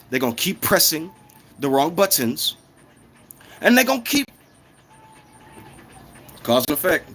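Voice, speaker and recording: A man's voice: mid-range voice, a bit bright, a little hiss or hum. A man ranting in a casual, heated, profane monologue, often repeating himself.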